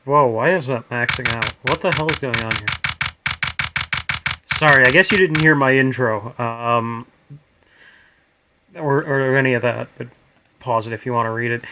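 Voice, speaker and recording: A man's voice: medium pitch, normal speed, long pauses, noisy background. A man streaming a live game let's play, reading dialogue aloud in a casual, swearing manner. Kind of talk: casual live gameplay narration. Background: game music.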